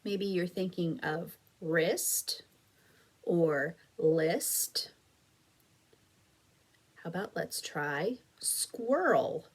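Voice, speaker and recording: A woman teacher leads a recorded phonics lesson for young children. Her voice sits low and she speaks unhurriedly. She is patient and encouraging and stretches words out slowly so the class can clap the syllables. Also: animated, husky. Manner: slow, stretched-out clapping of syllables.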